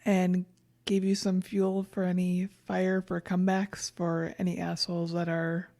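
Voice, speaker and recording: A woman's voice: on the low side, monotone, unhurried, mellow. A woman co-hosting a podcast in casual chat, dry and sarcastic. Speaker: podcast co-host.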